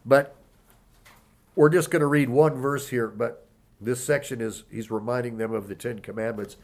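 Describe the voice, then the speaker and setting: A man delivers a sermon with a middle-pitched voice. He reads scripture aloud slowly and with weight, then eases into plain, conversational explanation. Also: steady tone, a little mellow. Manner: emphatic scripture reading, slowing for key words. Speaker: preacher.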